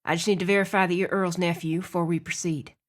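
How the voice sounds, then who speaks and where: A woman's voice: lowish voice, fairly even intonation, quick pace, lightly acted. A woman voicing an easygoing, plain-spoken middle-aged male police officer.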